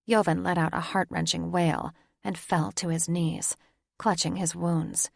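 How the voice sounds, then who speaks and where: A woman narrating a paranormal romance audiobook with a measured, dramatic reading. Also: fairly low pitch, little pitch movement, creaky, no room sound, clean studio sound. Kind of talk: scripted narration.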